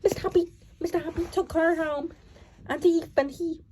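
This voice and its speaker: High-pitched woman narrator, halting storybook read with many restarts. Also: steady tone, mellow, slight background noise.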